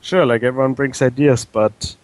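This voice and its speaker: A man's voice: mid-range voice, normal speed, slight background noise, poor audio. A young man from Denmark, a pro gamer guest, answering questions hesitantly with many fillers. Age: young adult. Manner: hesitant, relaxed, filler-heavy.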